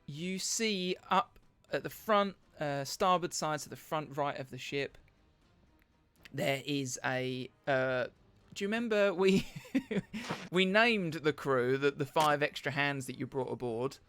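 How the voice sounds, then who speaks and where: A man narrating as dungeon master in an animated, laughing way, often searching for words. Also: a little high, slow pace, smooth, faint music behind. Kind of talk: narrating a tabletop game.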